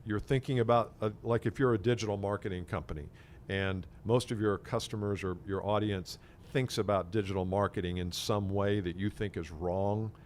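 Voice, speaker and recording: On a conversational podcast, a sales consultant co-host speaks at normal speed in a fairly low, steady, slightly mellow voice. He muses reflectively and illustrates ideas by playing the parts of imagined clients, with a faint hiss or hum in the background.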